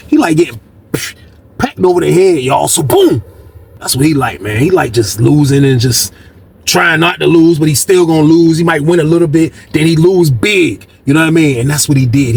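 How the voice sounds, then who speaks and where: A man casually telling a story from jail life, animated and slangy, repeating words for emphasis. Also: medium pitch, creaky, slight background noise.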